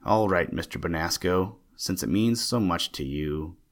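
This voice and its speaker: A determined young man who asks straight, firm questions, as a male reader voices him. The voice stays deep and low, close to the reader's own. Storybook reading. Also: measured pace. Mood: relieved.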